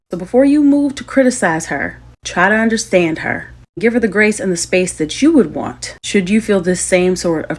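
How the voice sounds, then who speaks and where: A woman giving earnest spoken commentary, measured and rhetorical, building points in emphatic lists. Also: mid-range voice.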